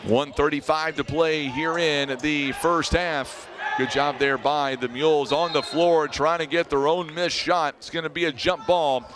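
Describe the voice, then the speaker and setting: A man with a Southern American accent calling a high school basketball game on local radio, chatty and folksy, reading sponsors and weather between plays. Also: fairly even intonation, measured pace, noisy background. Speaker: play-by-play announcer. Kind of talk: radio sports commentary.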